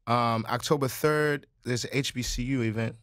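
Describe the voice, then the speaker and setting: Brief: male co-host, mid-pitched, dry, easygoing, joking, can read announcements. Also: steady tone, moderate pace, fairly bright tone, no room sound. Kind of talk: casual discussion and event announcements.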